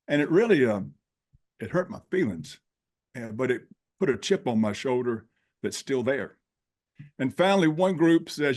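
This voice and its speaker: A man's voice: mid-range voice, normal speed, long pauses. Folksy man in his sixties telling a story. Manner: animated storyteller who acts out dialogue; folksy, plain-spoken. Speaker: podcast guest. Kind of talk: personal storytelling.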